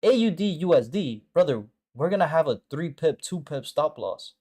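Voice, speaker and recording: A man's voice: fairly high pitch, sing-song, normal speed, a little mellow, slightly rough. Blunt, profane male trading streamer. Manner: blunt and profane, talks straight to viewers with slang; repeats short phrases for emphasis. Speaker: forex trading mentor and stream host. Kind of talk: casual live-stream commentary.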